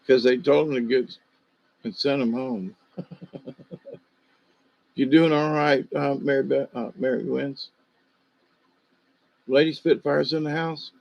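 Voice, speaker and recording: Older male livestream host, slight Southern accent, rambling and halting, mid-pitched, muffled lo-fi sound. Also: steady tone, gravelly, dry recording. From Ohio, USA. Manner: meandering, hesitant, many fillers. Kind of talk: rambling casual monologue.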